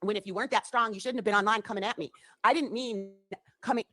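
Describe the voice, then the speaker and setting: A woman's voice: medium pitch, steady tone, fast talker, pushed and bright, no echo. A woman on a livestream, heatedly accusing someone and swearing. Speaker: livestreamer in a clip. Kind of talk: confrontational livestream rant. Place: home.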